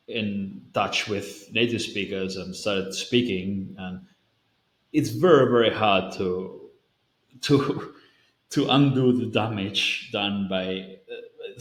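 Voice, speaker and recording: A man from Spain chats to camera in answer to a viewer question. His voice sits on the low side and echoes around the room. He rambles and restarts sentences often. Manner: rambling, self-correcting, with frequent fillers. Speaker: language-learning video creator. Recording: roomy echo.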